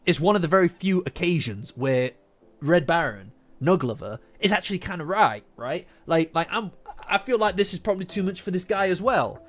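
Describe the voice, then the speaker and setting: A man hosting a casual manga reaction, animated and profane, repeating lines for emphasis. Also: sits high, normal speed. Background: faint lofi background music.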